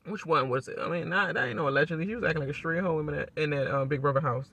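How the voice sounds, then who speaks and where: A woman's voice: deep voice, vocal fry, slightly rough. A woman giving a casual, rambling reaction recap, blunt and salty, often laughing. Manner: rambling, animated, quick to laugh and mimic. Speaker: YouTube reality TV reactor.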